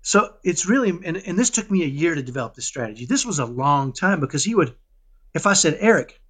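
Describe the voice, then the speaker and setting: Lively high-pitched man talking parenting. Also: brisk. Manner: animated, keeps asking "right?"; acts out dialogues with his son. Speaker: parenting guest. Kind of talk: casual conversational interview.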